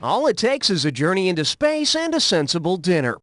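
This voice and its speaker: Punny wisecracking game show host. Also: male voice, huge pitch swings, a little fast, heavy background noise. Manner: wisecracking, punny, jumps between loud and low. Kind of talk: scripted game show hosting. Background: game music.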